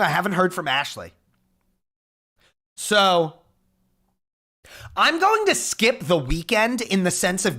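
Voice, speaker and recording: A young man streaming, telling a story in a casual, profane, animated way. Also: high-pitched. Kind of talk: casual chat.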